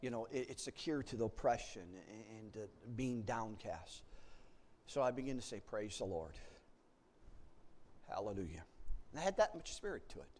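A man preaching, telling a story from his own life, swinging between hushed low passages and loud excited outbursts, often repeating words as he restarts. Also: brisk, slight background noise. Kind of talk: sermon storytelling.

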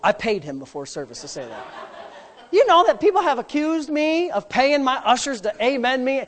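A man, a pastor, preaching a sermon with emphatic delivery that swings from soft asides to loud shouts, joking with the congregation now and then. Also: very high-pitched, very animated, moderate pace. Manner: jokes with the congregation.

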